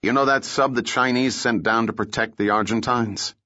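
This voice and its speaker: A man's voice: mid-range voice, steady tone, normal speed, pushed and bright, dry recording, dull audio, lightly acted. A man voicing a tense male intelligence official who questions sharply and accusingly in an audiobook reading. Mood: sharp, worried.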